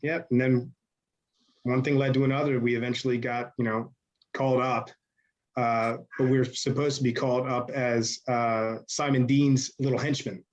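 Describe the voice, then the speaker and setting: A man's voice: mid-range voice, level tone, moderate pace, rough recording. A man telling stories as an interview guest in a casual, rambling way, with lots of fillers.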